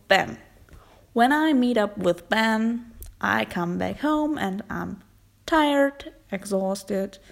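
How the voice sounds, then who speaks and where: Slow-talking German-accented woman podcaster. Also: mid-range voice, creaky. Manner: slow, thoughtful, pauses and hesitations. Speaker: podcast host. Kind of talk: casual solo podcast talk.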